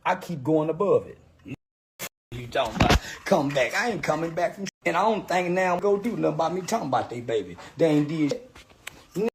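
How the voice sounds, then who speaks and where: A man's voice: fairly high pitch, expressive, a little fast, a little hiss or hum. A man ranting in a mocking, taunting way, cackling often between his lines. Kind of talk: taunting livestream rant.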